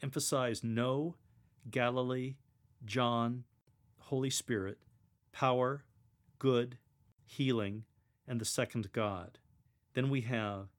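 A man's voice: medium pitch, takes it slowly, long pauses. A man coaching church lectors, explaining how to proclaim a reading and acting out its quoted lines. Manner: earnest, instructive, acts out quoted lines.

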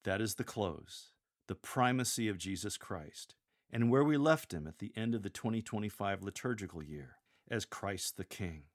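A man giving measured, explanatory coaching on how to read scripture aloud, slowing down to model the phrasing. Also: lowish voice, expressive. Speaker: lector coach. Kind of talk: instructional talk on reading scripture aloud.

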